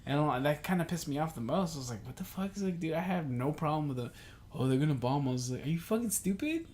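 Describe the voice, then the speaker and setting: A man's voice: on the high side, very animated, quick pace, a little mellow, slight background noise. A young man co-hosting a casual podcast chat, ranting heatedly and swearing a lot. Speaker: podcast co-host.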